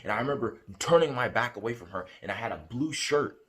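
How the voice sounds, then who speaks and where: A man's voice: expressive, fast. A man telling about a dream in casual spoken storytelling, earnest and rambling, repeating himself. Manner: hums a tune with rising pitch. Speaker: vlogger recounting a dream.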